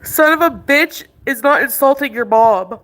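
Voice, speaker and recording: A woman's voice: sits high, animated, moderate pace, fairly bright tone. A woman livestreaming in distress, pleading and accusing, tearful at times. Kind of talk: emotional livestream argument. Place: indoors, abroad.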